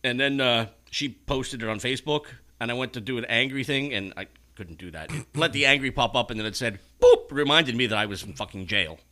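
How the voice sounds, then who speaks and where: Ranting, profane man with a bright voice. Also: mid-range voice, expressive, a little fast, few pauses. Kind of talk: casual chat.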